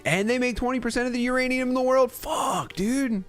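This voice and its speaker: A man's voice: very high-pitched, brisk, fairly bright tone, soft background music. A young man chatting casually on a livestream, rambling and swearing, reading chat and laughing often. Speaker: streamer.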